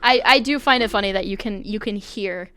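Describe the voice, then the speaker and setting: Woman, podcast co-host, casual chat, excitable, laughs a lot, dry close sound. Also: medium pitch, clean tone, dry recording. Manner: excitable, laughs often, talks faster when excited.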